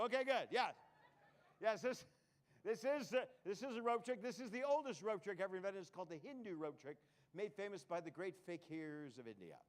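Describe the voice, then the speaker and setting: A man performing a comedy magic act on a live stage, full of puns and self-mocking jokes. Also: sits high. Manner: punning, self-mocking, jokey.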